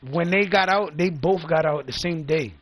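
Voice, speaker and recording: A man's voice: fairly high pitch, normal speed, dry recording. A man telling a loose, profane story in a casual vlog, often repeating himself. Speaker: vlogger.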